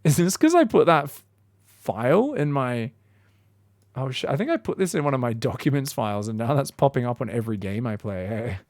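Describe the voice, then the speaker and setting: A man's voice: medium pitch, very animated, a little fast, darkish tone, no room sound, clean studio sound. A man casting a strategy game in casual, sarcastic commentary, rambling into profane jokes. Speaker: game caster.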